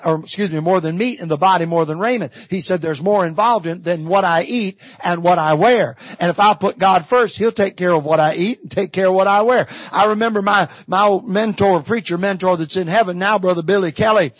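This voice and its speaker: A man's voice: high voice, a bit bright, no room sound, dull audio. A middle-aged man preaching a sermon from a church pulpit, with folksy storytelling and emphatic repetition. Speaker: visiting evangelist preacher. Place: church sanctuary.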